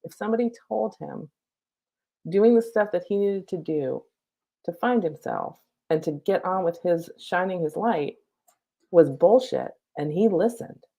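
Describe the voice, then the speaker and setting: Middle-aged woman, lowish voice, spiritual coach live-streaming a lesson on a laptop mic; loose, chatty, swears freely. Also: expressive, a little slow, vocal fry, dark tone. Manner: casual, chatty and profane, lots of "like".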